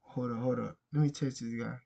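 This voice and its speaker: A man's voice: mid-range voice, fairly even intonation, a little fast, gravelly, dark tone. A man who wholesales real estate, venting to the camera in a casual, profane way and ending nearly every phrase with "bro". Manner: frustrated, repetitive, peppers every phrase with "bro".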